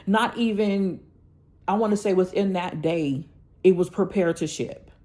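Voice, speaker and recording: A woman's voice: lowish voice, a little slow, dark tone. A woman venting on her vlog about a bad order, angry and blunt, checking in with her viewers. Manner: angry, venting, addresses viewers with "y'all" and "okay?". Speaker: planner vlogger. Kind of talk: casual ranting vlog.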